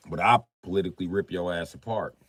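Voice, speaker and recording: A man's voice: deep voice, gravelly, husky, no echo. A man ranting on a livestream to his viewers, confrontational and swearing heavily. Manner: profane, confrontational, heavy swearing.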